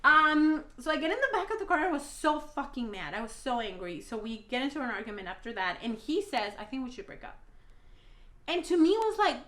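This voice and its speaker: Spanish-speaking woman doing an emotional storytime vlog in english, swears constantly, kinda high voice, echoey room. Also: very animated, a little fast, few pauses, pushed and bright. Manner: blunt, swears a lot, emotional and rambling. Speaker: vlogger.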